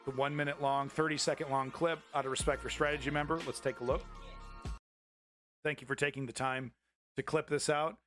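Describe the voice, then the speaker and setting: A man's voice: mid-range voice, little pitch movement, fairly quick, a bit bright, soft background music. Heated, profane male stream host. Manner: heated, profane, rambling with restarts. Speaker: live-stream news host. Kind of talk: angry political commentary to chat.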